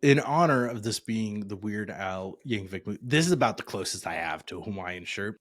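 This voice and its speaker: A man co-hosting a podcast in casual chat, relaxed and rambling, with frequent "uh" and "um". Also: fairly low pitch, a little fast, no echo. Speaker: podcast co-host.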